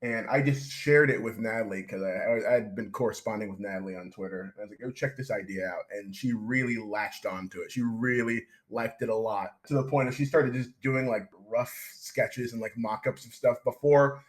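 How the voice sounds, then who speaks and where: A man's voice: on the low side, normal speed, hardly any pauses. A chatty young man telling stories. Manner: rambling and enthusiastic, many restarts and "like". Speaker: comic book writer, interview guest. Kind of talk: casual video interview.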